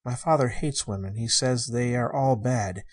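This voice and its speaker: A man reading the part of a shy, wondering sixteen-year-old girl, in a soft, earnest and innocent way. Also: mid-range voice, moderate pace, close to an everyday voice. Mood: wistful.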